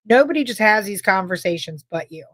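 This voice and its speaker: A woman's voice: mid-range voice, expressive, fairly quick, a bit bright, soft background music. A woman co-hosting a casual livestream podcast, bubbly and rambling, laughing often as she chats and greets viewers. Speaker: podcast co-host.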